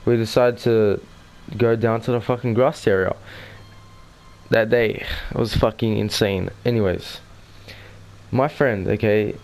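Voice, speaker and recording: A man's voice: mid-range voice, a little mellow. A teenage boy telling a personal story in a rambling, casual way, swearing constantly and restarting his sentences. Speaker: gaming channel host.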